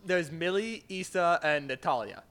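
A man's voice: fairly high pitch, slow, a crowd in the background. An earnest, eager man chatting casually as a guest on a podcast. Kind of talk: casual chat.

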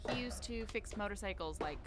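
A woman's voice: mid-range voice, expressive, brisk, over music, close to an everyday voice. An actress playing a woman survivor who was a therapist, speaking in a hesitant, offhand way in an audio drama.

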